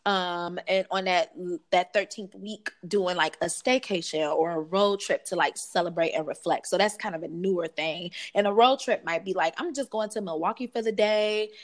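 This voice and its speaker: A woman life coach talking in a casual podcast interview, lively and expressive, with slangy asides and frequent laughter. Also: lowish voice, moderate pace, few pauses.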